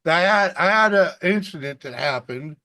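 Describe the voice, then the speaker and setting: A man's voice: on the high side, lively intonation, normal speed, pushed and bright. A man hosting a casual video call chat, rambling through a profane story and laughing often. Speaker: host.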